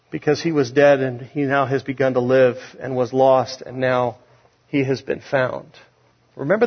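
A man preaching a sermon, emphatic, rising loud on key points and dropping low. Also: slightly rough. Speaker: pastor. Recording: dull lo-fi sound.

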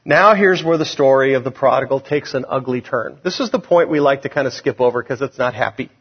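A man preaching a sermon, emphatic, rising loud on key points and dropping low. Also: slightly rough. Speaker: pastor. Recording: dull lo-fi sound.

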